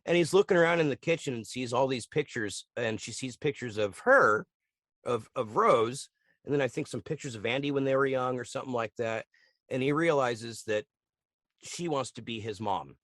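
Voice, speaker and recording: A man co-hosting a podcast, retelling TV scenes in a lively, swearing casual chat and acting out lines in quick voices. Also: mid-range voice, no room sound, studio quality. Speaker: podcast co-host. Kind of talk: casual chat recapping a TV show.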